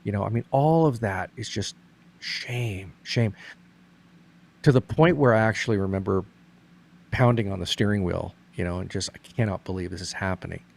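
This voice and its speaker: A man's voice: lowish voice, moderate pace, vocal fry, pauses often, darkish tone. A middle-aged man in casual conversation, earnestly explaining a point with many restarts.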